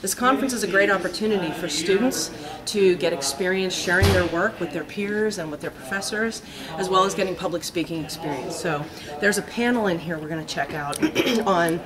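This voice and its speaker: A woman's voice: medium pitch, brisk, crowd noise. A woman professor introducing a student conference and explaining audience etiquette. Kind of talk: video introduction.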